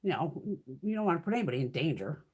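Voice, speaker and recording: A woman's voice: low-pitched, big pitch swings, rapid-fire, darkish tone, husky. A woman in her fifties chatting casually on a live stream, rambling, swearing freely and laughing often. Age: 50s. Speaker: beauty vlogger hosting a live stream.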